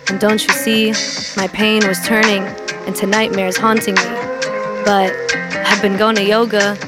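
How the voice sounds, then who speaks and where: A woman poet reciting a spoken word poem in a slow, measured way. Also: mid-range voice, little pitch movement. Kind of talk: spoken word poetry over an instrumental. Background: guitar instrumental.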